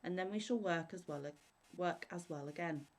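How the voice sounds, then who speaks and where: A woman's voice: lowish voice, normal speed. A woman voicing a poor old woodcutter father, sorrowful and cautiously scolding.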